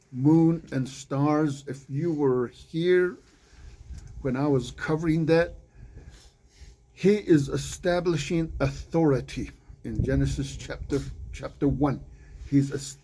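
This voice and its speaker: Guy teaching bible study to a small group, slow easy pace, chatty asides. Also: a little high, warm tone, a little hiss or hum, low-quality recording. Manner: unhurried, conversational, with asides and repeated words. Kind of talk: informal Bible teaching, reading scripture aloud.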